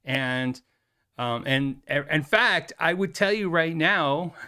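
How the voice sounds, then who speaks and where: A man's voice: on the high side, animated, slow, sharp tone, clear, resonant tone. Chatty middle-aged man with many fillers. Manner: rambling, chatty, laughs often, many fillers and restarts. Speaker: YouTube host, former music store owner. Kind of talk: casual chat to camera.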